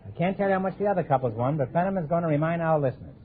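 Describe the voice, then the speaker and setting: A man hosting a 1950s radio quiz show, quick with jokes and wisecracks. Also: on the high side. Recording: old radio broadcast, tinny and noisy.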